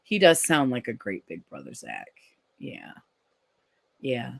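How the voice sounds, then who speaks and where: A live-stream host reading viewer comments aloud in a casual chat and answering gently and supportively, with frequent ums and restarts. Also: mid-range voice, huge pitch swings, slow pace, gravelly, long pauses.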